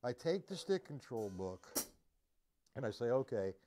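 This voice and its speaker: His mid-range voice is sing-song, unhurried and mellow, with slight background noise. Teaching drums live on a stream, he chats casually while demonstrating, counting beats and scatting drum sounds.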